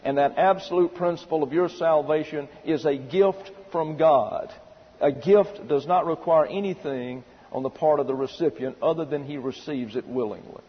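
Speaking at a normal speed, a male preacher with a fairly high, breathy-edged voice delivers a sermon. He outlines his Bible teaching methodically through numbered subpoints and asks rhetorical questions with emphasis. The recording is muffled and carries a long hall reverb.

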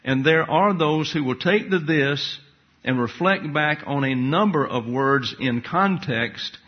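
A man with a slightly husky voice teaches scripture point by point, methodical and deliberate as he parses each word. The recording sounds dull and muffled, like an older lo-fi tape. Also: on the high side. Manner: methodical, enumerating points and parsing Greek words. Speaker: bible teacher. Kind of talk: expository Bible teaching.

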